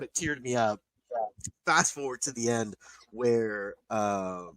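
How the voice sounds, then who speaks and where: A man of ordinary pitch chats casually on a podcast, rambling and emotional with plenty of fillers and curse words. His voice is recorded close and dry, with no room sound. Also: fairly bright tone, no room sound, rough recording. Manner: rambling, emotional, swears freely, many fillers. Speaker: podcast co-host. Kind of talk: casual chat.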